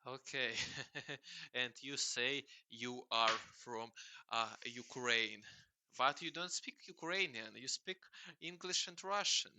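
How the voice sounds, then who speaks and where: A man chatting casually with hesitant, halting speech full of fillers and repeats. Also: mid-range voice, sharp tone, no echo. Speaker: host questioning a chatbot. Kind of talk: casual chat.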